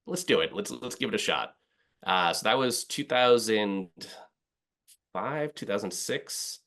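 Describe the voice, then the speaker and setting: A man's voice: lowish voice, pushed and bright. A middle-aged man from Boston, a podcast guest, telling a long self-deprecating story in casual talk. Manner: rambling, self-deprecating, acts out his past thoughts.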